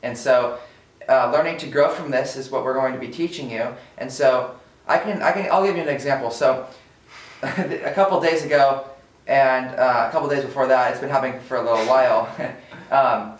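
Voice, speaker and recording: A man's voice: medium pitch, moderate pace, distant mic. An earnest young man giving casual motivational advice to his viewers, laughing between his points. His voice sits a little back from the mic in a roomy space, the sound echoing off the walls. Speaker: co-host.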